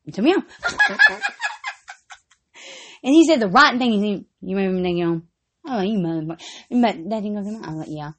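A woman's voice: mid-range voice, big pitch swings, brisk, long pauses, noisy background. A woman vlogger telling rambling, casual stories, swearing freely and breaking into frequent giggles.

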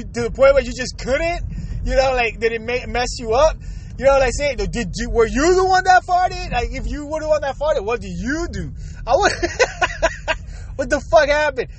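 On a low-quality recording with some hiss or hum, a young man with an extremely high-pitched voice rants crudely and aimlessly at his viewers. As a vlogger, he's full of street slang and keeps chuckling.

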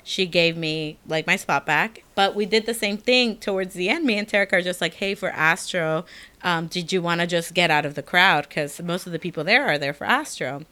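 A young adult woman co-hosting a casual chat, telling a story with lots of animation and jumping high when she acts out quotes. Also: normal speed, sharp tone. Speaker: podcast co-host.

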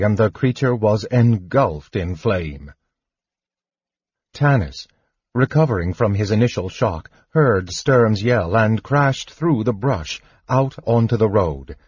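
A man reading a fantasy novel aloud as narrator, slow and expressive. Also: fairly low pitch, breathy edge, muffled recording. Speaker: audiobook narrator. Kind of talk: scripted narration.

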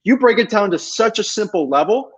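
A man's voice: sits high, animated, fairly quick, breathy edge, dull audio. A man hosting an interview who chats casually and in an enthusiastic, rambling way. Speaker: podcast host.

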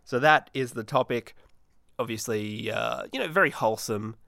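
A man hosting his own solo podcast, rambling in a manic, self-mocking way with many restarts and dark deadpan jokes. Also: mid-range voice, moderate pace, gravelly, dry recording, studio quality. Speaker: podcast host.

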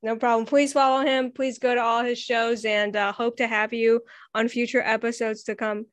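An upbeat woman hosts a casual interview, asking questions and laughing easily. Her voice sits a bit high, recorded close and dry. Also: flat delivery, normal speed, no room sound. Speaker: podcast host.

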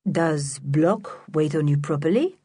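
A woman's voice: low voice, unhurried, warm tone, breathy edge, no echo, clean studio sound, full character voice. A woman doing a smiling, condescending father. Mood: patronizing. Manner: patronizing, talks to children as if very small. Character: smiling condescending middle-aged man, father.

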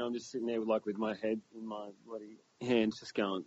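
An Australian man hosting a casual podcast chat, laughing often and talking in a lively, loose way. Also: fairly low pitch, fast talker, hardly any pauses, husky, highs cut off. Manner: animated, laughs often, says mate and bloody. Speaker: podcast host.

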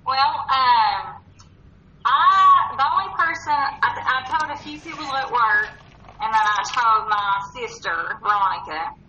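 A woman in her thirties with an Eastern Kentucky accent, chatting easily as an interview guest and poking fun at herself. Her voice is bright and clear in tone. She sounds set back from the mic in a roomy space, with a dull, slightly muffled quality. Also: on the high side, expressive, a little slow, far from the mic, slight background noise. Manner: chatty, self-deprecating storyteller with laughs. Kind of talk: casual interview.

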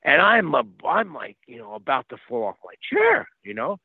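A man telling stories as a guest over the phone. He talks in a lively, casual way, repeats words and acts out quotes. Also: mid-range voice, moderate pace, creaky, breathy edge, no room sound. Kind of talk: casual storytelling. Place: outdoors by a street. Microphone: phone call. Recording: tinny phone line, dry.

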